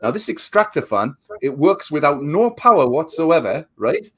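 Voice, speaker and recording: A man's voice: a little high, very animated, normal speed, fairly bright tone, slightly rough. A man co-hosting a casual film review chat. He swears often, acts out quotes, and repeats words while he thinks. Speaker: podcast co-host.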